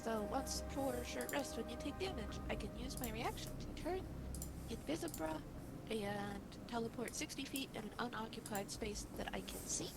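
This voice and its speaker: A woman's voice: a little high, normal speed, hardly any pauses, over loud music, low-quality recording. A woman playing a tabletop game, reading out her rules hesitantly. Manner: reads rules aloud hesitantly. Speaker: player. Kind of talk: casual tabletop play.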